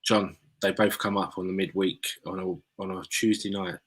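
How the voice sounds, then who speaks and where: A man's voice: low voice, level tone, normal speed, husky. A man from England hosting a chat, telling a story in an earnest, rambling way. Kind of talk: casual chat.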